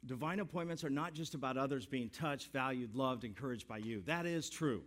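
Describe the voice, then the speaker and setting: A man's voice: medium pitch, brisk, fairly bright tone. A middle-aged male pastor giving a sermon, telling folksy stories with jokes and building to emphatic exhortation.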